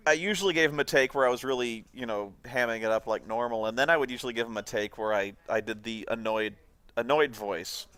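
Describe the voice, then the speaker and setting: A man's voice: medium pitch, clear, resonant tone, dry recording. A man giving a casual, rambling commentary on a video, often laughing as he talks. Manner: rambling, laughing, lively storytelling.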